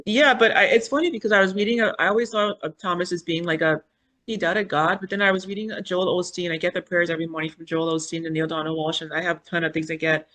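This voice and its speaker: A woman's voice: lowish voice, quick pace. Earnest woman in her fifties telling her story. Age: 50s. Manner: animated, acts out quoted dialogue and inner thoughts; spiritual, earnest. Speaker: podcast guest, foundation founder. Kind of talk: personal storytelling in an interview.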